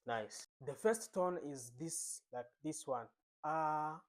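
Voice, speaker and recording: Slow, patient male Mandarin teacher. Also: medium pitch, big pitch swings, darkish tone. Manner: slow and repetitive, drawing out tone drills; coaxing viewers to repeat after him. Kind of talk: beginner language lesson.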